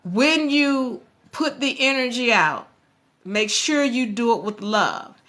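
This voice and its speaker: A woman hosting a motivational live stream, talking in an animated, preachy way and speaking straight to her viewers. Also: a little high, slow.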